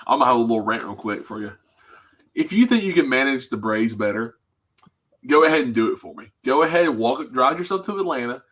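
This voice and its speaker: A man's voice: mid-range voice, expressive, brisk, fairly bright tone. A man co-hosting a casual sports talk show, ranting in a fired-up way and rattling off stats. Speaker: co-host.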